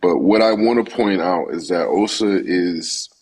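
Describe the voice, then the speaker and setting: Man, very low husky voice, hesitant panelist. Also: darkish tone, low-quality recording. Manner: halting, hesitant restarts. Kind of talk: live-stream discussion.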